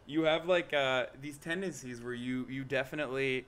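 A man's voice: medium pitch, normal speed, a bit bright, slight background noise. A young man hosting a casual live stream, rambling, joking and swearing often. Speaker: streamer host.

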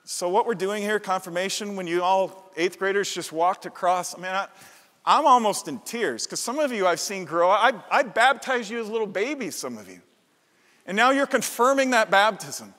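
A man's voice: sits high, expressive, moderate pace, a bit bright. A middle-aged male pastor preaching a passionate, emphatic sermon with repeated phrases in a large church sanctuary. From Midwestern United States. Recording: long church-hall reverb.

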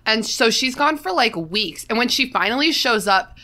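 Young woman podcast co-host; bright, animated chatter, salty language. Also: a little high, moderate pace. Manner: animated, laughing, swears freely. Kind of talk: casual podcast chat.

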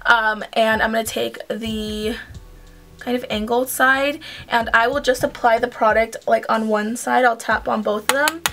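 A young woman, a beauty vlogger, chats casually at home while doing a makeup tutorial, with faint music playing behind her. Her voice is fairly high, bright, and steady, and she speaks unhurriedly, rambling and saying "like" and "um" often.

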